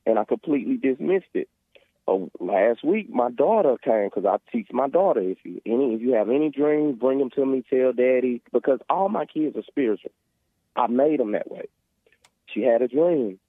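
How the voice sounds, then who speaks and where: Over a tinny, dry phone line, a male caller phones a talk show and speaks emotionally and preachily about faith and family, rambling and restarting his sentences. His mid-range voice is animated and slightly rough, at a moderate pace, with no echo.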